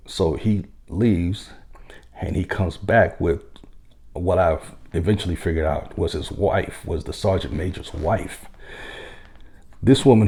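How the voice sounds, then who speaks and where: Deep, gravelly man telling a story. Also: a little mellow. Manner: unhurried, conversational, with occasional chuckles. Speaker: military veteran telling a story. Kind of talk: casual spoken storytelling.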